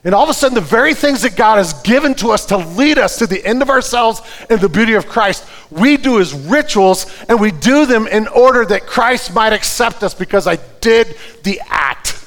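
A man preaching a sermon, earnest, moving between fervent prayer and quiet, careful explanation. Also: sits high, animated, moderate pace, long reverb tail. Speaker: pastor.

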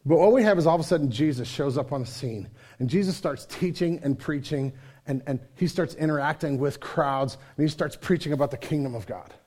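A middle-aged man preaching a sermon as a pastor, in a conversational, animated way with quoted voices. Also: on the high side, a little fast, slightly rough.

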